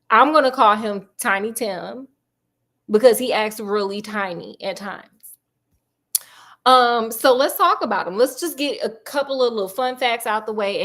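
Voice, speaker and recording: A woman's voice: mid-range voice, a bit bright. A woman host telling a true story in a casual, sassy, chatty way, full of slang asides.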